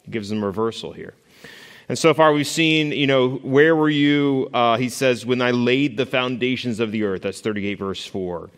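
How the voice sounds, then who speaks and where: A man's voice: medium pitch, moderate pace, smooth. Guy teaching a bible study in a big echoey hall, chatty, lots of ums and restarts, quizzes the class. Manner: conversational, asks the class questions, many fillers and restarts. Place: classroom or church hall with a board. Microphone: stationary mic he moves away from while walking.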